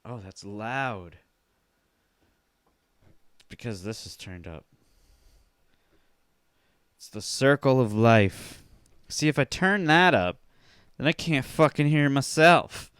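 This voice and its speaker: A man's voice: mid-range voice, takes it slowly, pauses often, clean tone, dry recording, studio quality. A man hosting a casual solo podcast from his home basement, joking around and swearing freely on a headphone-monitored mic. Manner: profane, joking, animated. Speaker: podcast host. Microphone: headphones and studio mic.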